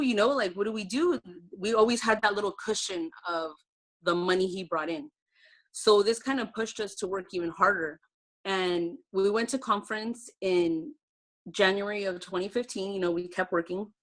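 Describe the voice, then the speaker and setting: A woman's voice: medium pitch, fairly bright tone. A woman leading a sales team, telling her personal success story on a video call in a heartfelt, conversational way with many fillers. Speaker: direct-sales team leader.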